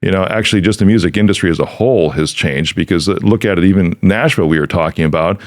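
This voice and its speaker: A man's voice: low voice, quick pace. A man hosting a podcast interview, chatting casually and enthusiastically into a studio mic, with loose restarts. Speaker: podcast host. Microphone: studio dynamic mic.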